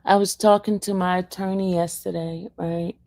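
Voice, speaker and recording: In studio-quality audio with no echo, a woman shares a faith testimony with her viewers as a vlogger, her voice lowish, level, a little mellow and moderately paced. She's casual yet fervent and praising, emphatically repeating phrases for emphasis.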